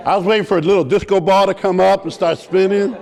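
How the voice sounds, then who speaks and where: A man speaking on stage, telling a personal story in a lively, joking, animated way. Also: high voice, fast talker, gravelly. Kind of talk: comic personal storytelling speech. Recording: long hall reverb.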